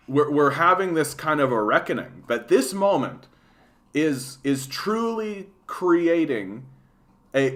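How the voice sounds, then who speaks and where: Profane Canadian man ranting politics. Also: a little high. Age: 30s. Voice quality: profane, animated, lots of fillers. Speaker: political livestream host. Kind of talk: casual political rant.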